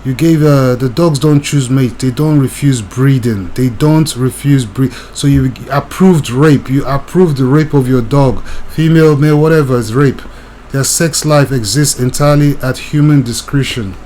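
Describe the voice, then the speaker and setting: A man's voice: medium pitch, moderate pace, mellow, a little hiss or hum. A young man giving a blunt, rambling monologue, often repeating himself with filler words. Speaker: channel host. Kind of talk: casual monologue commentary.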